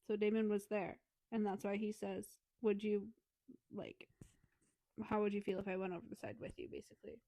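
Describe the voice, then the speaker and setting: A woman's voice: medium pitch, little pitch movement, moderate pace, warm tone, no echo. A young woman co-hosting a podcast, casually summarizing a book scene with fillers and the odd swear word. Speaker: podcast co-host. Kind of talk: casual book review chat.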